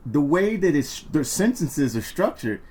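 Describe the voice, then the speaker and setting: A man's voice: a little high, very animated, a little slow, darkish tone. A man co-hosting a podcast in casual banter, wry and teasing, with playful quips. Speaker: podcast co-host.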